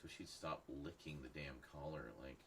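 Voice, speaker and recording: A man's voice: very deep voice, fairly even intonation, moderate pace, sharp tone, slight background noise. A man hosting a late-night livestream, chatting casually with viewers and rambling with many restarts. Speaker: livestream host. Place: home at night.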